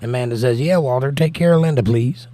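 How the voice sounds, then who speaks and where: A man's voice: mid-range voice, a little fast, warm tone. An American man hosting a casual livestream, greeting viewers and reading their comments aloud in a lifted, sing-song voice. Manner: reads chat aloud in a raised, sing-song voice. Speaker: livestream host.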